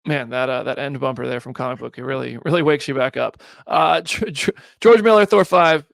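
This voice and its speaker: A man hosting a casual movie news chat show, animated and quick to laugh. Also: medium pitch, vocal fry. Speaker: podcast host.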